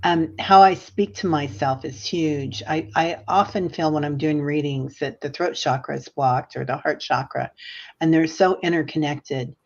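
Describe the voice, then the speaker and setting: Low-voiced chatty woman, dull audio. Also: moderate pace. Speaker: psychic guest. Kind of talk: livestream conversation.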